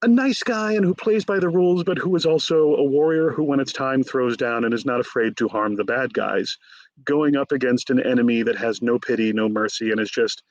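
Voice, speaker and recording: A man, an author guest in a conversational interview, retelling stories in a lively way and acting out the quotes. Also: mid-range voice, a little fast, dry recording, highs cut off. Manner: animated storyteller, acts out quotes.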